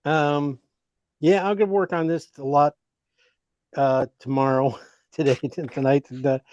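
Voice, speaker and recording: A man's voice: fairly high pitch, fairly even intonation, a little slow, a little mellow, dry recording, highs cut off. A man teaching an online painting class, giving rambling, encouraging feedback full of fillers.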